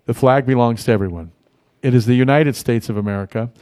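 A man's voice: medium pitch, fast talker, a little mellow, dry recording. A man hosting a casual local radio talk show, rambling and friendly with many fillers and restarts. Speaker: radio host. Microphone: studio mic.

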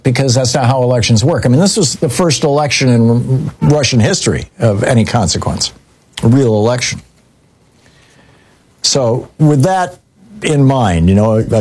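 A man's voice: mid-range voice, a little mellow. A middle-aged man hosting a call-in radio talk show, chatting casually and telling long stories full of fillers and restarts. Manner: rambling, with many fillers and self-corrections.

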